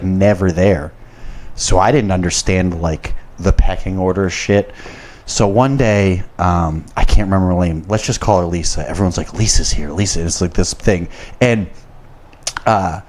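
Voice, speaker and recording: A young man with a slightly low voice tells a workplace story on a podcast. He rambles and swears a lot, piling on fillers and asides. He gets heated as the story builds. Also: darkish tone, slight background noise. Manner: profane and rambling, gets worked up. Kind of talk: casual storytelling.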